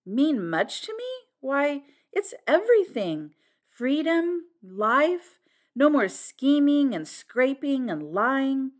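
Woman voicing an impulsive young woman, high eager outbursts, very lively pitch, audiobook. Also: unhurried. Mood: excited.

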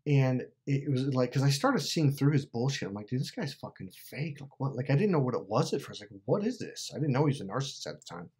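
Husky man ranting profanely to camera. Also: mid-range voice. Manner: profane, emphatic, repeats himself. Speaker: YouTuber. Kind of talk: casual rant to camera.

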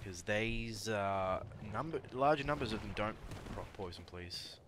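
A man with a lowish voice streams a game live, chatting slowly and joking with his viewers while taunting on-screen enemies. He speaks into a desk mic, and a steady hiss of noise sits under the game sound. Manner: chatty, jokey, talks to chat and enemies. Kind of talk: live gameplay commentary.

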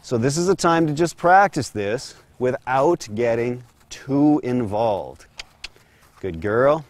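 A horse trainer works a horse in an outdoor round corral while giving a calm, steady instructional demonstration. He speaks slowly at a medium pitch, with no echo.

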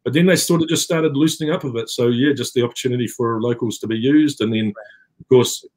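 A man's voice: mid-range voice, fast talker, darkish tone. A middle-aged man with a New Zealand accent, talking casually on a video call with many fillers and restarts. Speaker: actor guest. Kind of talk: casual interview chat.

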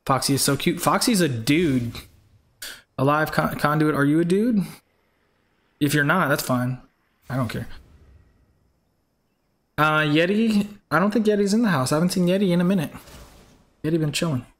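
A man's voice: a little high, normal speed, long pauses, fairly bright tone. A young man hosting a live game stream in casual chat, greeting viewers by name and firmly repeating himself.

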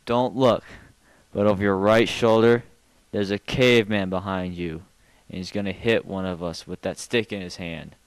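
A man's voice: deep voice, fairly even intonation, normal speed, smooth, no room sound, low-quality recording. A man voicing a chatty, conspiratorial male saber-toothed tiger in a comic routine. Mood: gossiping.

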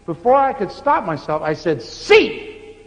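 A man preaching, telling stories with animated laughter. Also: high voice, normal speed. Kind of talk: sermon storytelling. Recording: muffled hall recording with faint hiss.

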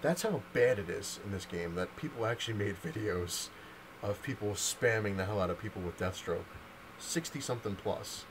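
A man's voice: fairly low pitch, animated, normal speed, background noise. A young man in a casual vlog, telling a long story with lots of fillers and restarts. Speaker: vlogger. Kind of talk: casual rant to camera.

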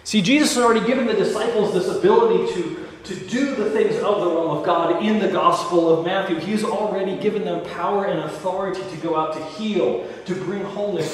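A man's voice: sits high, slight background noise. A male pastor preaching a sermon in a conversational way, with asides and quoted dialogue. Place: large church sanctuary. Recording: echoey church hall from far off.

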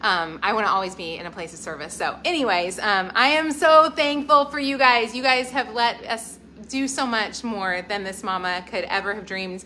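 A woman's voice: medium pitch, normal speed, pushed and bright, a little hiss or hum. A woman, hosting a home channel live stream from her kitchen and gushing thanks to viewers by name. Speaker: lifestyle channel host.

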